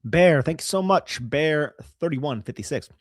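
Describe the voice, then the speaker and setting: A man co-hosting a casual sports podcast, talking in a relaxed way with many fillers and reading out viewer comments. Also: a little high, moderate pace, dry recording, studio quality. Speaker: podcast co-host.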